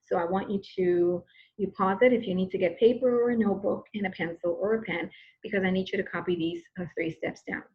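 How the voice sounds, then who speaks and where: A woman's voice: medium pitch, steady tone, a little fast, dull audio. A woman teacher giving a recorded grammar lesson, patient and repetitive, often checking in with "okay?".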